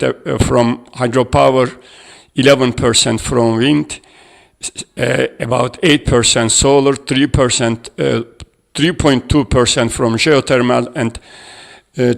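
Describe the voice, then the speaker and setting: A man giving an academic conference presentation, halting and hesitant as he reads out figures from his slides. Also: medium pitch, vocal fry. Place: conference room.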